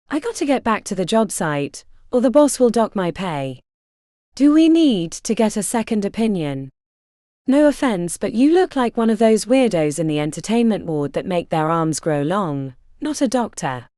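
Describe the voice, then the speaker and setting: A woman's voice: mid-range voice, big pitch swings, normal speed, dark tone, dry recording, studio quality, lightly acted. A woman voicing a burly, boastful male electrician with a thick Boston accent, grumbling at his doctor.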